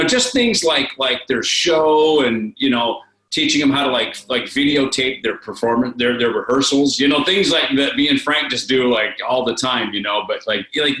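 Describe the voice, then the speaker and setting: A man's voice: medium pitch, bright, forceful tone. A man chatting as a guest in a casual interview, rambling through stories with many fillers and restarts over a video call. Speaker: guest musician. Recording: roomy echo.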